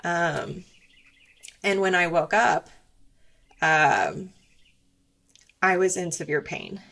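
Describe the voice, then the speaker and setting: A woman's voice: on the low side, steady tone, very slow, gravelly, a bit bright. Candid young woman telling a personal story. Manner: candid, reflective storytelling with frequent fillers. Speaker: interview guest.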